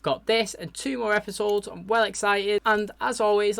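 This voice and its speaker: A man gives a loose, chatty recap of a TV episode, full of fillers and asides. His voice sits a little high. The sound is dry and close, with no room echo. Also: level tone, moderate pace, vocal fry, fairly bright tone. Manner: rambling, chatty, loose paraphrasing with frequent fillers. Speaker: TV reaction channel host.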